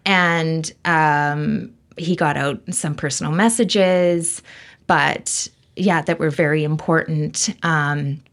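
A woman guest on an interview show, telling a personal story in an animated, expressive way full of "like" and acted-out quotes. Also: low voice, takes it slowly. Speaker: guest, intuitive medium.

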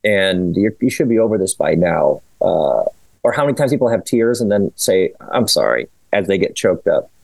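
A man talking as a podcast guest, rambling and animated, often laughing as he goes. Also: deep voice, normal speed, creaky, no echo. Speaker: author and guest. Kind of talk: casual podcast conversation.

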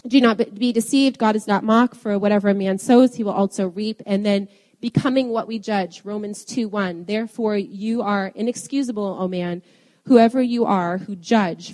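A woman's voice: mid-range voice, warm tone. A woman preaching a sermon, telling a personal story and then quoting scripture with rising emphasis. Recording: long hall reverb.

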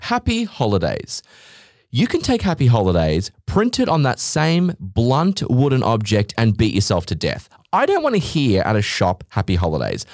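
A man's voice: medium pitch, darkish tone, dry recording, clean studio sound. A young Australian man hosting a solo podcast, ranting in a brash, sweary, theatrical way. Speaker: podcast host.

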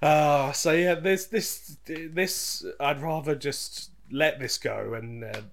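A man's voice: on the high side, takes it slowly, vocal fry. A man co-hosting a podcast in casual chat, laid-back and sardonic, swearing now and then. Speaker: podcast co-host.

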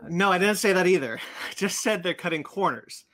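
A man hosts a casual podcast chat about comics and cartoons, rambling with many fillers and restarts. His high voice is expressive, brisk, and fairly bright.

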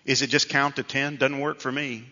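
A man's voice: medium pitch, level tone, moderate pace, bright, forceful tone. Man preaching in a reverberant hall. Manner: conversational storytelling preacher, self-deprecating. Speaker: pastor. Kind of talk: sermon. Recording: dull reverberant hall sound.

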